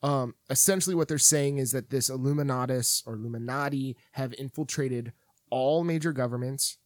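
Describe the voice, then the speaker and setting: A man's voice: medium pitch, normal speed, no echo. A man on a podcast casually explaining conspiracy theories in a matter-of-fact way. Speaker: podcast co-host.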